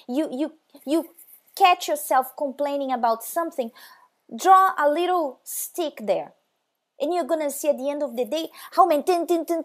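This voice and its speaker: Woman, high voice, devotional talk, direct, emphatic. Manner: direct and emphatic, addressing the listener. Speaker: devotional speaker.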